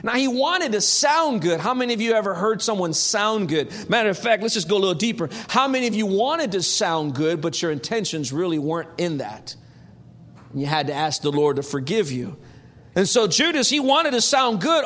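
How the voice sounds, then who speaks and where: A man preaching a sermon in a lively, humorous, conversational way. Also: high voice, moderate pace. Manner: animated, humorous, acts out quotes.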